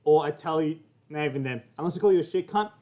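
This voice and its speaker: A man's voice: on the high side, fast talker, dark tone, highs cut off. Blunt, profane Australian man. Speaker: guest. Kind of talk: casual banter.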